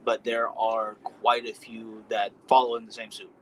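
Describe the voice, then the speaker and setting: A man's voice: on the low side, monotone, moderate pace, a bit bright, slight background noise, low-quality recording. A man co-hosting a podcast, talking in a thoughtful, reflective way and explaining at length. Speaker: podcast co-host. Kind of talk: casual chat.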